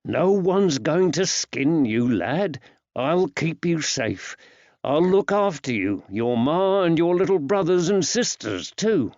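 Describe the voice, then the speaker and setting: A man reading an audiobook, voicing a steady police detective who speaks in a firm, soothing, reassuring way, a touch raised and louder than his narration. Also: fairly high pitch, slow, no room sound, highs cut off, pitched above the performer's own voice.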